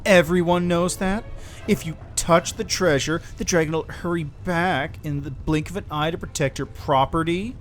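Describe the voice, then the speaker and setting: A man's voice: fairly high pitch, normal speed, faint music behind, lightly acted. A man doing a whiny spoiled demon queen. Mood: smug. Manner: whiny, pouting, childish.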